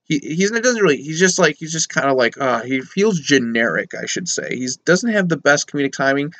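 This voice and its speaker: A man's voice: on the high side, big pitch swings, fairly quick, a bit bright. A man casually reviewing a film, rambling and chatty, with sarcastic asides. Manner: rambling and conversational, full of fillers and asides; sarcastic mock voices when quoting characters. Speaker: movie reviewer.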